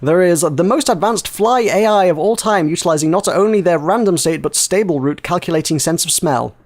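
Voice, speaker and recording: A man's voice: high voice, fairly quick. Laid-back, swearing male gaming podcaster. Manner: laughing, swearing, rambling with restarts. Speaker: podcast host. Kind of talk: casual podcast chat about video games.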